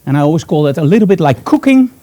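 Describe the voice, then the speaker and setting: A man's voice: a little high, big pitch swings, very fast, warm tone. A man teaching photography live in a studio, talking chattily and upbeat as he thinks aloud while he works. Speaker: photography instructor.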